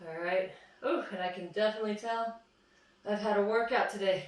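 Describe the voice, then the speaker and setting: A woman's voice: medium pitch, fairly even intonation, a little fast. A woman fitness instructor coaching a plank workout, encouraging and counting down reps while out of breath. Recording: echoey room, far from mic.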